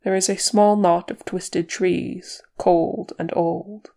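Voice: mid-range voice, little pitch movement, slow pace, creaky, a little mellow. A reader doing Legolas, a solemn elf scout. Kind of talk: audiobook character reading.

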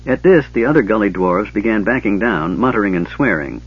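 Brief: low-voiced male narrator, husky, steady storytelling, dull lo-fi recording. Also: brisk. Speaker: audiobook narrator. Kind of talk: audiobook narration.

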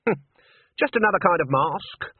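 A man voicing a stern, sharp-tongued old witch woman, speaking in a clipped, commanding way, on a dry lo-fi recording. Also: high-pitched, animated, moderate pace, breathy edge, no room sound, pitched above the performer's own voice. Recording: dry, narrow lo-fi band.

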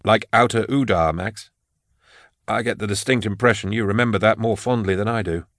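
A man voicing a quiet, awkward, melancholy male scientist who speaks in a soft, reserved and precise way. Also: lowish voice, brisk, no room sound, studio quality, lightly acted.

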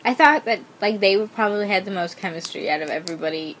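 A woman's voice: medium pitch, fast, fairly bright tone. Woman podcast co-host, casual and giggly, talking over a faint background hiss. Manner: chatty, laughs often, apologetic asides. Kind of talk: casual chat recap of a TV show.

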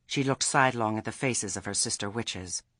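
In this scripted audiobook narration, a man speaks with measured, expressive storytelling. His voice is on the low side, and the studio-quality recording has no echo.

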